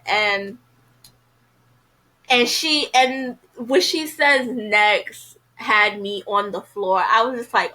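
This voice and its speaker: A woman's voice: a little high, lively intonation, slow pace, pushed and bright, rough recording. A woman casually reviewing a TV episode, chatty and frank, filling her talk with "you know".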